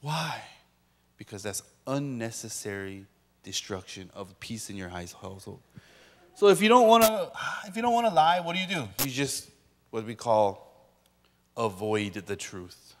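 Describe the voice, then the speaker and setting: A man's voice: medium pitch, big pitch swings, a little slow. A man preaching as a pastor, joking with the audience and acting out quoted voices. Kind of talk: sermon. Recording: long reverb of a large hall.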